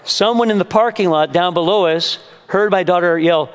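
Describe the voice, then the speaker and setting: In a church meeting room, an older man preaches to a group of men, serious in tone yet weaving in funny tales about his family. He has a high, clean voice at a moderate pace with few pauses, and the audio carries a long hall reverb.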